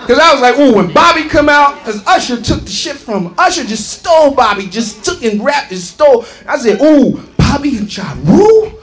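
A man doing a stand-up comedy set, brash and profane, shouting and mimicking singers. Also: extremely high pitch, lively intonation, a little fast, few pauses, soft background music. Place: comedy club stage. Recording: live club recording with crowd. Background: audience laughing and clapping.

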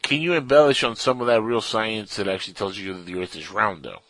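A man with a fairly low voice co-hosts a casual radio talk show. He rambles and jokes as he reads out listener questions. The sound is dry and close, with no room echo. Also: a little fast, fairly bright tone.

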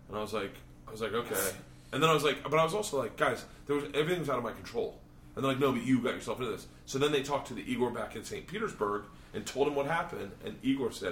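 Animated, profane male storyteller. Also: medium pitch, fast talker, reverberant, slight background noise. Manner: profane, animated storyteller who laughs often and acts out quotes. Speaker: podcast host and comedian. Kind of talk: casual storytelling. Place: hotel room.

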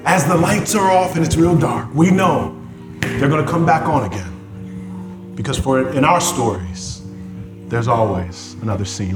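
A man preaching, telling a story with lively swings from loud exclamations to quiet prayer. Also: mid-range voice, measured pace. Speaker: pastor. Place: church sanctuary. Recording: echoey church hall with music behind.

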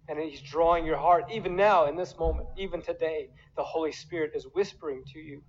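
A man with a high voice delivers an earnest, emotional sermon as the pastor, slipping into the voices of the people he quotes. The recording is dull and lo-fi. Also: brisk, hardly any pauses, a little hiss or hum.

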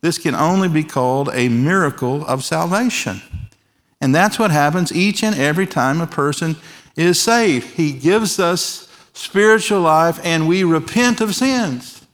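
A pastor in his forties preaching a sermon in a large church, earnest and emphatic, letting key phrases drop soft and quiet. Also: fairly high pitch, unhurried. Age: 40s. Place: large church with overflow rooms.

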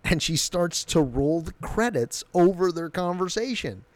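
A man's voice: high-pitched, animated, unhurried, no room sound. A man giving a casual, enthusiastic recap of a TV episode, loosely retelling scenes. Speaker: show recap host.

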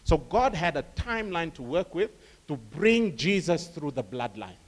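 A man preaching a lively sermon, acting out quoted voices and laughing along with his congregation. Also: a little high, normal speed. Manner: animated, acts out quoted voices, laughs with the crowd.

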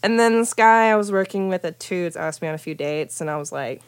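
A woman's voice: on the low side, a little fast, smooth, dry recording. A young woman telling a story in casual chat, chatty and profane, with many "like" fillers.

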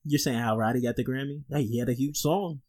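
A man co-hosts a podcast, chatting casually, teasing and laughing often. His voice is medium-pitched and a little mellow, and he talks at a quick pace.

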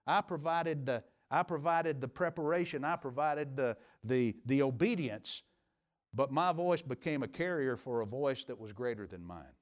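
A middle-aged male pastor preaching a sermon in a church. He drives his points up into strong, emphatic peaks, then falls back to quiet, confiding asides. His voice sits in an ordinary middle pitch for a man. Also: animated, moderate pace. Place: church sanctuary.

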